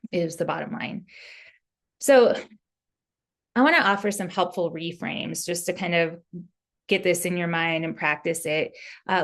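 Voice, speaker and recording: A woman therapist with a lowish, gravelly voice gives relationship advice in an easygoing, candid way. She talks like she's chatting with a client, with fillers and sample phrases mixed in. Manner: casual, candid, with fillers and quoted example phrases.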